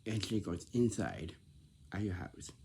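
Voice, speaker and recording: A man telling a rambling casual story, repeating himself and dropping into soft whispers. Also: low-pitched, big pitch swings, unhurried, gravelly, slight background noise. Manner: repetitive, restarts phrases, drops into soft whispers.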